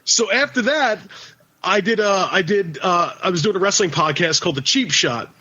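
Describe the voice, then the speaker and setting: A man's voice: sits high, expressive, moderate pace, bright, forceful tone, husky, dull audio. A man co-hosting a podcast in casual chat, rambling and swearing, with many restarts. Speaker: podcast co-host.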